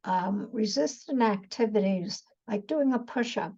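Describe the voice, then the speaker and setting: Slow, mellow-voiced woman explaining calmly. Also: medium pitch, muffled recording. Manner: calm, explanatory, with many fillers and repeated starts. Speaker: parenting educator and therapist. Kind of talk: educational talk.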